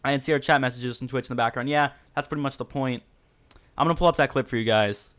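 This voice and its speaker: A casual livestream podcast host talks quickly in a smooth, clear, mid-range voice with a fairly bright tone. He's rambling and filler-heavy, with a blunt, mocking edge as he speaks to his viewers.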